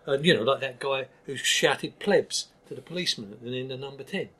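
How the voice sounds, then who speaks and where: Husky older Cockney man, blunt. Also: medium pitch, fast, pushed and bright. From East London, England. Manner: emphatic, blunt, frequent restarts. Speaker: guest. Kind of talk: candid interview talk.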